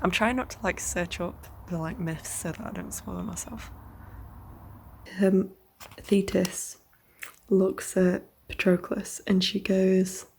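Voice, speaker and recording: Young woman, husky and gravelly, dark mellow voice, casual whispery book-vlog chatter. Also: medium pitch, fairly even intonation, unhurried. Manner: chatty, swears casually, often drops to a whisper. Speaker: book vlogger. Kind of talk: casual reading vlog recap.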